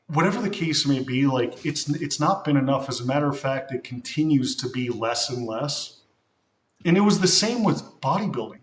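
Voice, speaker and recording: A man and streamer who talks casually and reflectively, rambling with many restarts. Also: fairly high pitch. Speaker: streamer and bodybuilder. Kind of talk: casual live-stream chat. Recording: echoey room.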